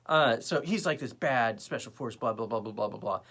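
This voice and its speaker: A man's voice: mid-range voice, fairly quick, a bit bright. A young man hosting his own show, ranting sarcastically about politics and the news in a casual way. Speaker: host.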